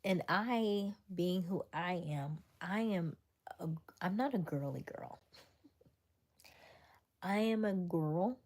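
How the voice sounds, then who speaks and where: A woman from Florida hosting a livestream, telling a story in a chatty, animated way, jumping into high squeals when she quotes people. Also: slow, long pauses. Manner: chatty with frequent fillers and restarts. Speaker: livestream host.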